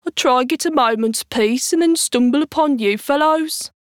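A woman's voice: sits high, moderate pace, no echo, clean studio sound, lightly acted. A woman voicing a breezy, sociable male otter in a storybook reading. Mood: jovial.

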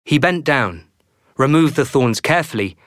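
Here a man narrates a novel for an audiobook, reading a script in a measured and expressive manner. His pitch is medium, and the recording is dry and of studio quality.

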